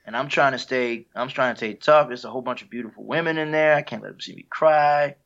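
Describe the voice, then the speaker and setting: A man's voice: mid-range voice, fast talker, creaky, a bit bright. A man, a guest musician, talking casually and reflectively in an interview, sharing heartfelt stories with an easy laugh. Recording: dull lo-fi sound.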